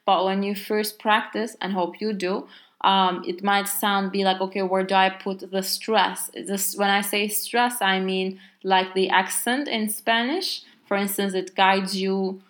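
A woman's voice: medium pitch, steady tone, a little slow, fairly bright tone. A woman with a Turkish accent, a native Turkish speaker, explaining grammar in a casual language lesson with many fillers and exaggerated example words. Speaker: language teacher.

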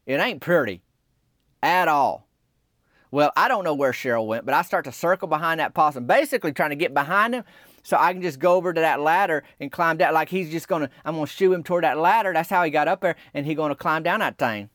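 A man telling a rambling, deadpan comic story in a conversational way. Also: on the high side, fast, no room sound, clean studio sound.

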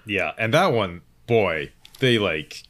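A man's voice: on the low side, big pitch swings, slow, fairly bright tone. A man co-hosting a casual podcast, talking in a hesitant, hedging way with many restarts. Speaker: podcast co-host. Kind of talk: casual movie review chat.

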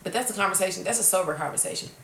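In a racing, gravelly mid-range voice, a podcast host in her twenties animatedly recounts a story at a kitchen table, swearing plenty and acting out outbursts. The casual chat is captured far off the mic, giving a roomy sound with faint noise.

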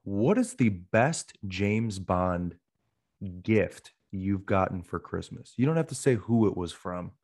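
A man's voice: sits low, lively intonation, slow, a little mellow. A man co-hosting a podcast in casual chat, rambling with many fillers and acting out the voices he quotes. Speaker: podcast co-host.

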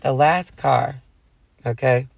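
A woman's voice: extremely low pitch, slow, gravelly, darkish tone, a little hiss or hum. A woman who works a drive-thru, telling a story in a rambling, earnest way full of fillers. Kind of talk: casual chat.

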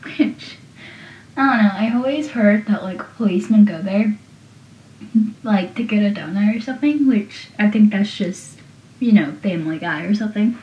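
A woman's voice: medium pitch, a little mellow. A young woman chatting casually as she recaps a TV episode, full of rambling asides. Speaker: show recapper. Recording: dull, roomy, from a distance.

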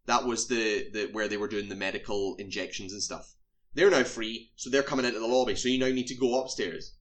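A man casually retelling a horror film's plot in a relaxed chat. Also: lowish voice, brisk. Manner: animated storytelling, swears casually. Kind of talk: casual film recap chat.

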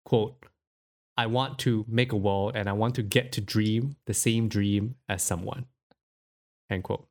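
A man's voice: on the low side, measured pace. A man hosting a film podcast, talking casually with lots of fillers and frequent laughter. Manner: laughs often, filler-heavy, animated. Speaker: podcast host.

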